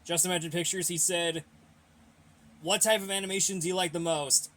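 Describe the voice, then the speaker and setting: A man's voice: high-pitched, steady tone, fairly quick, sharp tone. A young man hosting a casual Q&A, reading viewer questions and giving blunt, rambling opinions while a little out of breath. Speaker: host of a fan Q&A channel.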